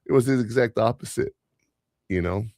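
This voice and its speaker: A podcast host shares workplace stories in casual chat, rambling along with plenty of fillers and restarts. His mid-range voice has a darkish tone and a moderate pace, captured in a dry, studio-quality recording.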